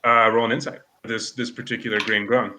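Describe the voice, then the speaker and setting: A man narrating as game master in a tabletop game, relaxed and full of fillers. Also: medium pitch, a little fast, slight background noise.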